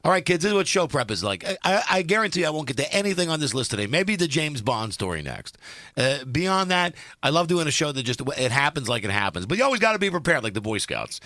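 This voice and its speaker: A man's voice: fairly high pitch, big pitch swings, fast talker, sharp tone, dry recording, studio quality. Wry rambling male radio host. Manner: rambling, wry, restarts and lists topics. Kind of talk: rambling radio talk show banter. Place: radio studio. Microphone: studio microphone.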